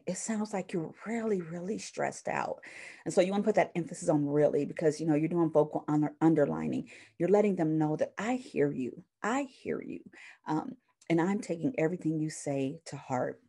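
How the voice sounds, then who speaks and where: A woman's voice: sits low, warm tone. A woman, a counseling professor, giving a recorded university lecture in a conversational way, often correcting herself and showing items to the camera. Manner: conversational, frequent fillers and self-corrections; shows items to the camera while teaching.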